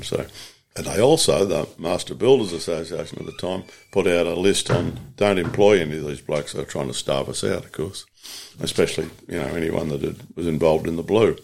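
A man's voice: rumbling low, steady tone, fairly quick, gravelly, darkish tone, slight background noise. An older Australian man, a union organiser, telling stories from his working life in a plain-spoken, rambling way in an interview. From Latrobe Valley, Australia. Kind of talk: reflective interview storytelling.

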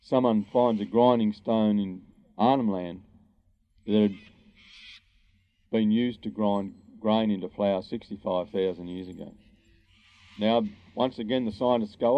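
A man with an Australian accent giving an impassioned public talk, indignant and full of rhetorical questions, with slow emphatic stresses. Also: on the low side, steady tone, highs cut off.

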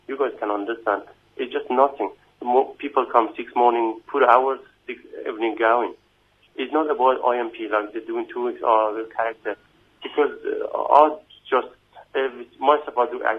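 A man whose first language is not English, speaking in a halting, emotional way on a phone interview, with many restarts and repeated "you know what I mean". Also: medium pitch. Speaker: immigration detainee giving an interview. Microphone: phone call. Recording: tinny phone line.

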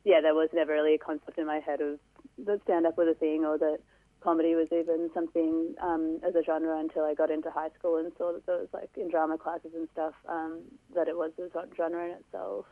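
A woman's voice: deep voice, little pitch movement, a little fast, no echo, phone-quality sound. A young woman comedian answering interview questions in a rambling, hesitant way. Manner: rambling, hesitant, many fillers.

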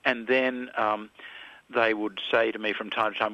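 Older Aussie man, low crisp voice, dry dull radio sound, reflective guest. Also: level tone, normal speed, no room sound. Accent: Australian. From Australia. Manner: thoughtful, with hesitations and restarts. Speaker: interview guest, filmmaker.

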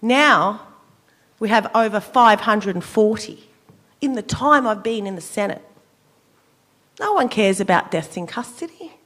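An Australian woman, a senator, giving an impassioned political speech at a forum, measured and emphatic with a cutting, sarcastic edge. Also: mid-range voice, lively intonation, a bit bright. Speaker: senator speaking at a public forum.

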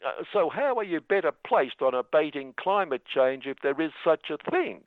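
A man's voice: fairly high pitch, expressive, normal speed, no room sound, natural voice. A man voicing a persistent interviewer, in a skit. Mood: probing. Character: male interviewer, doggedly probing. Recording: tinny phone-like radio sound.

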